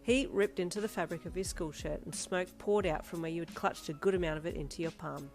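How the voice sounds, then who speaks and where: A woman narrating a fan fiction story in an expressive second-person reading. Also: on the low side, a little fast, soft background music. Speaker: audiobook narrator.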